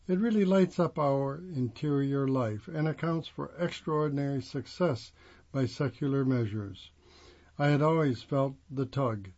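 Male reader, slightly higher voice, steady phrase-by-phrase read; dull lo-fi recording. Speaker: reader of a magazine profile. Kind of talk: reading a first-person profile aloud.

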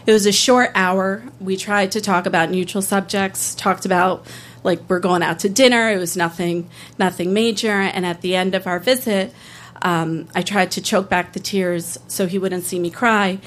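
A woman, a public defender, telling a true personal story on stage in an earnest, candid way with halting restarts. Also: medium pitch, steady tone. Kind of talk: live first-person storytelling.

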